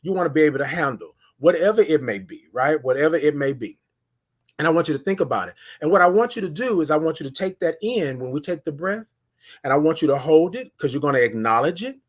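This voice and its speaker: A man from Houston hosts a casual morning live stream. His voice sits a bit higher than most men's, and he keeps coaxing his viewers with repeated, sing-song call-outs. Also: expressive, fast talker. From Houston, Texas.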